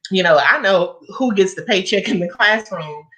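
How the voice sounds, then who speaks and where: A woman's voice: medium pitch, expressive, moderate pace, a bit bright, poor audio. A woman guest in a casual conversation, speaking earnestly and reflectively about her work. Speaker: guest, music educator.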